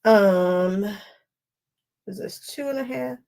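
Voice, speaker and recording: A woman's voice: medium pitch, slow, creaky, a little mellow. Chatty woman hosting a crafting livestream. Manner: chatty, goes off on tangents, laughs, talks to viewers by name. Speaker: quilting livestream host. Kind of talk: casual live crafting chat.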